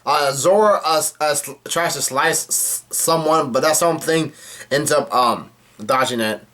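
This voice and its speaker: A man casually recapping a comic chapter, halting often with fillers and restarts. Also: fairly high pitch, a bit bright. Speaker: manga reader recapping a chapter.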